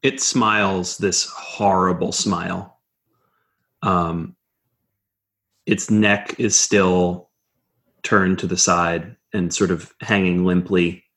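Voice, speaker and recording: A man running a tabletop horror game as game master, narrating in a measured way with frequent fillers. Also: low-pitched, level tone, fairly bright tone.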